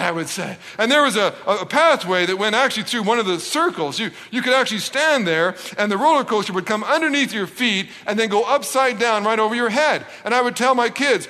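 A middle-aged preacher from Canada tells a story from the pulpit, voice high and bright for a man. He acts out every exchange with playful, self-mocking humor. His words ring out with a long reverb through a large hall. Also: fast talker, few pauses. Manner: animated, acts out dialogue with self-deprecating humor. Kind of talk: storytelling sermon.

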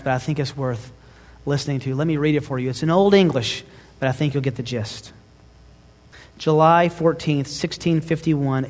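Male pastor, fairly high voice, emphatic sermon delivery, long hall reverb. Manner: emphatic preaching, builds lists with rising force.

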